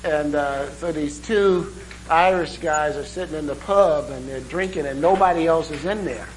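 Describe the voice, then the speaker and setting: A man preaching a sermon, telling a story in an unhurried way with lots of ums and uhs. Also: a little high, slight background noise, poor audio. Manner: unhurried storytelling with many fillers. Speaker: guest preacher. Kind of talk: sermon with a humorous opening.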